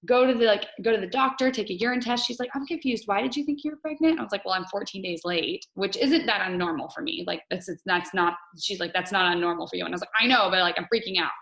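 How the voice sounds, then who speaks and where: A woman's voice: mid-range voice, quick pace, creaky, few pauses, fairly bright tone, reverberant, low-quality recording. A woman coach hosting a casual team video call, chatty and candid, often laughing as she talks.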